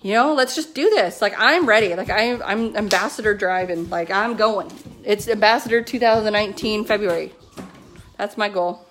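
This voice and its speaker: A woman at home, talking to her business team in a casual motivational pep talk, excited and chatty, filling her speech with "like" and "you know.". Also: mid-range voice, normal speed, a little hiss or hum. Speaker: network marketing team leader. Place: at home with her kids nearby.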